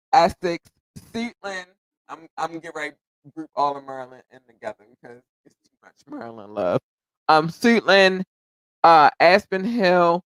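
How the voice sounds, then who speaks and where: Male podcast host, effusive and rambling, slightly high voice, close dry recording. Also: clear, resonant tone, dry recording, poor audio. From United States. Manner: effusive and grateful, repeating thanks and shout-outs; rambling, self-correcting, occasionally tongue-tied. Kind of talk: casual solo podcast chat.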